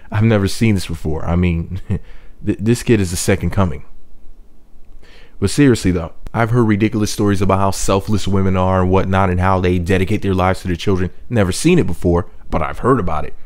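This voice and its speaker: Man, lowish voice, brash, joking, rambling gossip commentary host. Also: darkish tone. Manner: brash, joking, talks in loose run-on asides. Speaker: host of a celebrity gossip channel.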